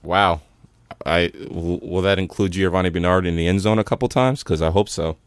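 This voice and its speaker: A man's voice: sits low, normal speed, smooth, no room sound. A man co-hosting a casual sports podcast, dry and teasing. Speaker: podcast co-host.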